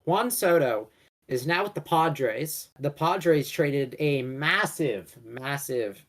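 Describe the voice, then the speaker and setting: A man's voice: a little high, lively intonation, takes it slowly, fairly bright tone. A young man co-hosting a casual sports podcast, rambling, stumbling over names and correcting himself as he goes. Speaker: co-host.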